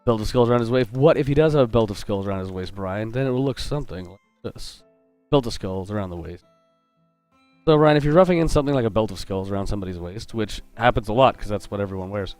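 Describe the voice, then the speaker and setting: A man's voice: fairly low pitch, fast, darkish tone, dry recording, soft background music. Chatty upbeat man on a dry mic. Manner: chatty and upbeat, greeting viewers and reading chat aloud; joking and self-interrupting. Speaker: game artist hosting a live drawing stream. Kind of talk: casual livestream chat while drawing.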